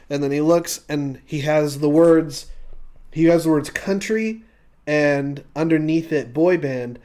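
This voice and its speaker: A man pitching a comic idea, telling it as an animated story and acting out scenes. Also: normal speed. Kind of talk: comic pitch, casual banter.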